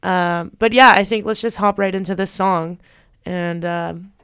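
Young woman radio host, smooth clear voice, dry studio sound, lots of ums and restarts. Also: fairly low pitch, fairly even intonation, unhurried, fairly bright tone, no room sound. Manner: rambling, many fillers and restarts. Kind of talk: casual music chat.

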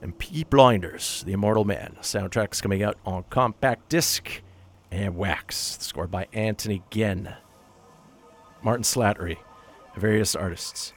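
A male radio host reading out a list of new releases, briskly, with wry asides when he corrects himself. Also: fairly low pitch, soft background music. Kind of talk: radio music show, listing soundtrack releases.

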